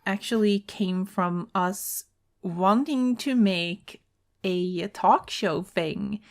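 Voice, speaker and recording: A woman co-hosting a casual Q&A, answering fans' questions with halting restarts and fillers. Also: mid-range voice. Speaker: co-host. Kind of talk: casual Q&A chat.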